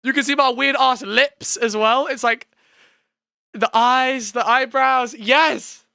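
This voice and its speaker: An excitable young man with a high, bright voice rambles through his own video on stream, swearing and breaking into quick bursts. The mic sound is close and dry, with no room echo. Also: gravelly, clean tone. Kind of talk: casual reaction commentary.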